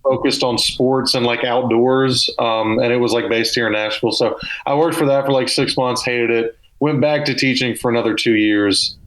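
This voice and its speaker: A man's voice: medium pitch, fairly even intonation, moderate pace, few pauses, fairly bright tone, rough recording. A young man with a Southern US accent, a comedian telling loose, self-deprecating stories as a guest in a casual podcast interview.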